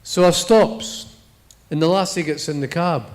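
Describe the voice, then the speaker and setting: A man's voice: a little high, a little slow. A middle-aged man with a Scottish accent giving a live reading of his fiction in a blunt, profane, swaggering first-person voice.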